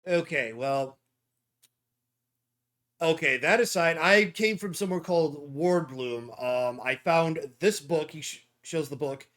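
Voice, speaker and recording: A man's voice: a little high, measured pace, fairly bright tone. A man playing a character in a tabletop game, speaking earnestly in character and describing his own actions. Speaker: player.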